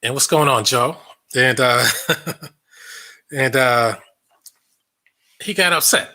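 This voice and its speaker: A man's voice: mid-range voice, slow, pushed and bright. A man hosting a casual commentary monologue, blunt and sarcastic, swearing freely and laughing often. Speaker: online show host.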